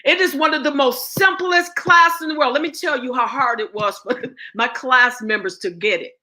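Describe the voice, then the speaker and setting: A woman's voice: sits high, moderate pace, sharp tone. A woman speaking as a guest and ritual teacher, blunt and profane, preaching with rhetorical questions. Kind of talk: impassioned spoken address.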